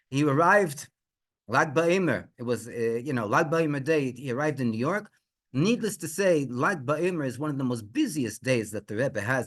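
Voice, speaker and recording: A middle-aged man, a rabbi, telling a religious story with lots of restarts, fillers and rhetorical questions. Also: a little high.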